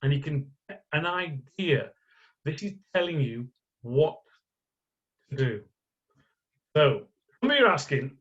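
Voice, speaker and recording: Middle-aged male tutor, conversational, somewhat raised pitch, prone to restarts, muffled lo-fi sound. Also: expressive, slow, long pauses, a bit bright. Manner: chatty, rhetorical questions, frequent restarts. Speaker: online course instructor. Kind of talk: live screen-share tutorial. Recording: dull lo-fi audio.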